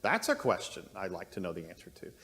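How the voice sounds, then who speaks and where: A man's voice: low-pitched, huge pitch swings, fast, vocal fry, bright, forceful tone. A man teaching an adult Bible class, musing aloud and thinking through his points with frequent restarts. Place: church classroom. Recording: long reverb of a church room.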